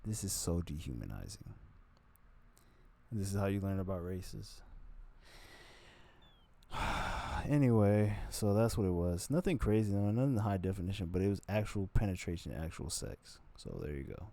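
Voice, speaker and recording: A man's voice: low voice, animated, moderate pace, vocal fry, pauses often, warm tone. A man telling a personal story on his video channel in a rambling, blunt way, swearing freely. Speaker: vlogger.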